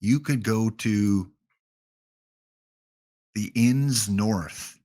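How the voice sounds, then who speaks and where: A man's voice: medium pitch, a little slow. A man with a Canadian accent hosting a gaming livestream, chatting casually with jokey, rambling asides.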